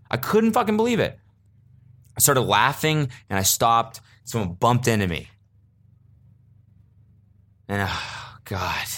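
A young adult man hosting a solo podcast, telling comedic stories casually and profanely, bursting into animated rants. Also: takes it slowly, pauses often. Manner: animated, swings into loud high-pitched rants when quoting himself. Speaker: podcast host.

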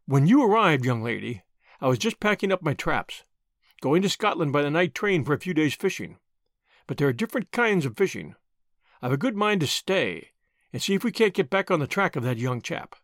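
A man voicing a shrewd, measured older lawyer in an audiobook, with a dry, authoritative delivery. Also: on the high side, sing-song, fairly bright tone, no room sound. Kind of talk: audiobook character voice.

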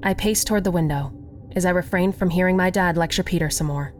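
A woman's voice: lowish voice, fast, faint music behind. A woman narrating a first-person story, reading the dialogue expressively and giving each character a voice.

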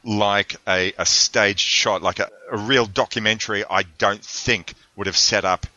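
A man's voice: lowish voice, steady tone, a little slow, sharp tone, no room sound. A podcast host discussing a film, posing analytical questions to his co-hosts. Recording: slightly dull, dry sound.

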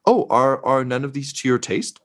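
A man voicing an eager, fawning woman attendant of a cult, speaking slowly and effusively. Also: mid-range voice, expressive, pitched above the performer's own voice, close to an everyday voice. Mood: awkward.

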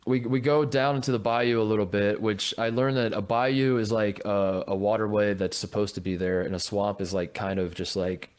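A man's voice: on the low side, normal speed, hardly any pauses. Guy cohosting a podcast, stumbles over his words a lot, gets worked up telling a story. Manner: animated, stammering restarts. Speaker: podcast co-host. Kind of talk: casual storytelling chat.

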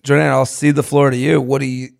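A man's voice: medium pitch, flat delivery, fast, gravelly. A man co-hosting a dating advice podcast, giving opinions in a rambling, joking way. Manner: rambling, restarts, joking asides, laughs easily. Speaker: podcast co-host. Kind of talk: casual chat.

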